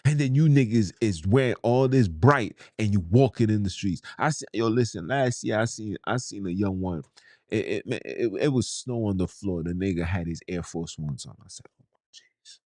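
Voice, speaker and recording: A man's voice: on the low side, normal speed, a little mellow, dry recording, studio quality. A man, hosting a podcast in a blunt, heated, slangy monologue. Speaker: podcast host. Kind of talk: ranting monologue.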